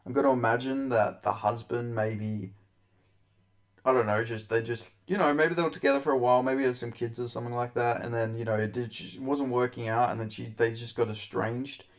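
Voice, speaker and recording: A man's voice: mid-range voice, steady tone, brisk. Profane, rambling young male vlogger. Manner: crude, profane, rambling, laughs often. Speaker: MMA commentary host. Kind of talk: casual commentary vlog.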